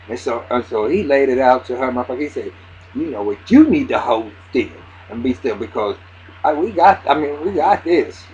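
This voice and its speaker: Excitable profane man recapping a TV show. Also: medium pitch, moderate pace. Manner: excitable, acts out character lines, heavy cursing, many restarts. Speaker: TV recap reviewer. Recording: dull lo-fi audio with faint hiss.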